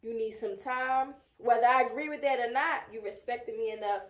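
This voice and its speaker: A woman's voice: a little high, normal speed. Emphatic woman in her thirties, echoey room. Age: 30s. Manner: emphatic, frank, heartfelt. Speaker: podcast co-host. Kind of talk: casual chat.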